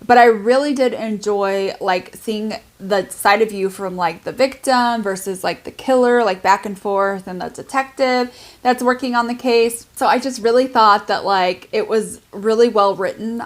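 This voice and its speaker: This book vlogger is a young adult woman with a mid-range voice at normal speed. Her casual review talk is chatty and packed with "like" fillers.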